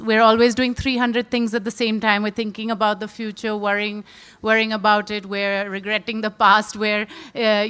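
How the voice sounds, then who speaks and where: A woman speaking as a panel guest, telling a story in a lively, animated way. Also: on the high side, clear, resonant tone.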